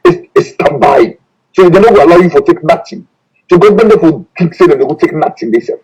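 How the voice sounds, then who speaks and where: A man calling in to a broadcast, talking in an insistent, animated way. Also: on the high side, fairly quick, low-quality recording.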